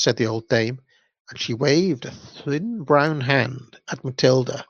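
A man's voice: medium pitch, takes it slowly, no echo. A man reading a children's story aloud in an unpolished way, with the odd stumble, amused by the text. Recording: dull lo-fi dry recording.

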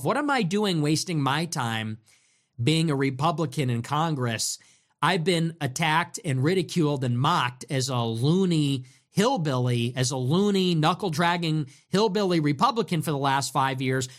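A man giving ranting political commentary, sarcastic, profane and mocking. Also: on the high side.

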